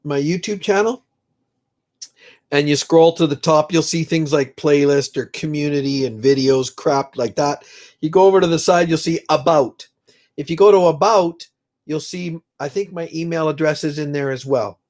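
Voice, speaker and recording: A man's voice: on the high side, a little mellow. A middle-aged man hosting a casual livestream, chatting with viewers in a rambling, heartfelt way and reading their comments. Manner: slow, rambling, emotional, prays aloud with viewers. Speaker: livestream host.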